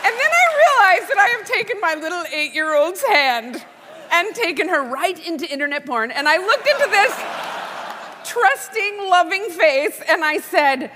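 A woman comedian telling a story on stage in a deadpan storytelling manner, acting out her daughter's questions. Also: very high voice, background noise. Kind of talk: storytelling stand-up talk on stage. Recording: long hall reverb from stage.

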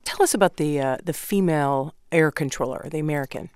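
A radio interview host asking short, brisk follow-up questions. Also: medium pitch, a little mellow, clean tone, dry recording, clean studio sound.

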